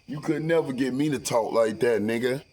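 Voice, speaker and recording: A man talking straight to camera at an average pitch, rambling from topic to topic in heavy slang. He preaches and curses freely, sometimes dropping his voice low and quiet. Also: moderate pace, poor audio. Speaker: vlogger. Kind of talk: casual profane monologue.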